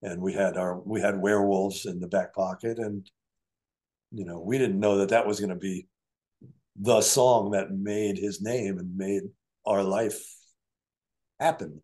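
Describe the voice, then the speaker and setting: An older man with a deep, unhurried voice recalls his career as a musician and producer in a relaxed interview, pausing often. He tells his stories with animation, acting out the voices of people he quotes.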